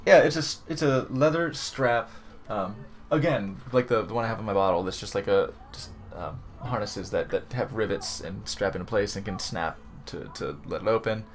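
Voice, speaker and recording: Speaking at a fairly low pitch and moderate pace, a man narrates as game master of a tabletop game. He rambles, restarting often and laughing, over soft background music.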